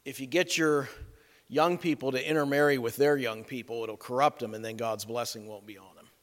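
A man's voice: medium pitch, fairly even intonation, a little fast, long reverb tail, voice pushed down, lightly acted. A man voicing a greedy hired prophet who plots in a matter-of-fact tone. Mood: scheming.

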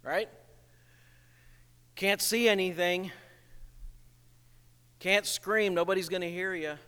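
Slow, emphatic preacher in a reverberant hall. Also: male voice, high-pitched, steady tone, sharp tone, smooth. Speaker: pastor. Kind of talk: sermon.

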